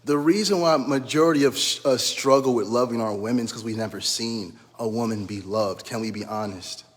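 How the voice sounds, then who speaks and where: A man's voice: medium pitch, a little fast, big-room sound. A middle-aged man giving an impassioned motivational talk, preaching and repeating his phrases as he calls listeners brother. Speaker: life coach and minister.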